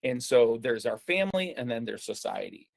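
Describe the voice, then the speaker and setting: A man tells a personal story, his mid-pitched voice carrying a gravelly edge. He talks conversationally, with fillers and restarts. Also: sing-song, normal speed. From United States. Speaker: speaker presenting a talk.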